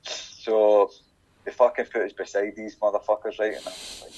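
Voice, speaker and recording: A Scottish man telling a sweary, animated story in casual chat on a podcast and acting out the voices of the people in it. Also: fairly low pitch, normal speed, low-quality recording. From Scotland. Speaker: podcast guest.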